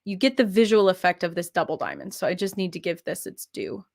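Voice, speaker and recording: A woman's voice: on the low side, a little fast, vocal fry, darkish tone. A young woman chatting casually and playfully, rambling while she works on a craft. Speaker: host.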